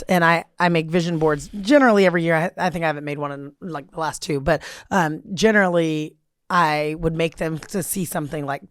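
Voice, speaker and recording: Animated laughing woman host, dry close sound. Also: fairly low pitch, dry recording. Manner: animated storyteller, laughs often, faith-filled. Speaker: podcast host. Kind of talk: casual conversation.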